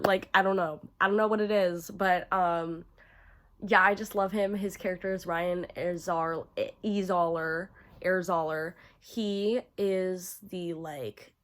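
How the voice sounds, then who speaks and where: A woman's voice: lowish voice, fairly even intonation, slow pace, fairly bright tone. A young woman giving casual, profane ranking commentary to camera, chatty and full of fillers, gushing about favorites. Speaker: horror video creator.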